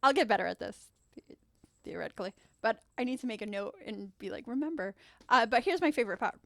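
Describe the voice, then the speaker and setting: A chatty woman host telling stories on her channel, breaking off into rambling asides and correcting herself as she goes. Her voice sits a little high for a woman, and the sound is dry and close with no room echo. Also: quick pace, gravelly. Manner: animated, rambling, self-interrupting asides. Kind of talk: chatty storytelling vlog.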